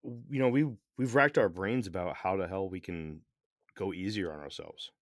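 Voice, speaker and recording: A man co-hosting a podcast, speaking candidly and earnestly, halting often with "uh" and "um". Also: sits low, dry recording, studio quality. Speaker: podcast co-host. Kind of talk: casual podcast chat.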